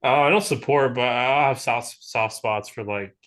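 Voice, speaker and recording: A man's voice: mid-range voice, normal speed, fairly bright tone. A man appearing as a guest on a football podcast, talking hesitantly with lots of fillers. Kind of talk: casual chat.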